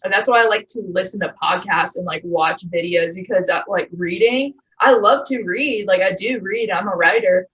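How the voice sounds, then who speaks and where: A young woman in her twenties hosting a podcast in casual chat, animated and quick to get excited, swearing casually. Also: medium pitch, highs cut off. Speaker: podcast host.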